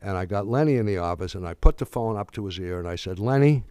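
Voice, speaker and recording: A man's voice: sits low, fast talker, darkish tone, no echo. A man giving a public lecture in a conversational, storytelling way, acting out the dialogue he quotes.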